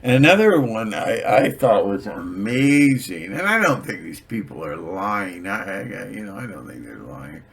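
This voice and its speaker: A man's voice: fairly low pitch, big pitch swings, unhurried, creaky, hardly any pauses, a bit bright, slightly rough. A man telling stories in a casual, rambling monologue, hesitant and full of fillers, acting out little skits as he goes. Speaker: channel host.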